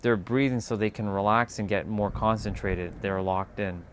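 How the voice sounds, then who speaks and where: A man hosting a casual spiritual livestream, talking in a calm, unhurried way that turns loose and profane at times. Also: lowish voice, slight background noise. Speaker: livestream host.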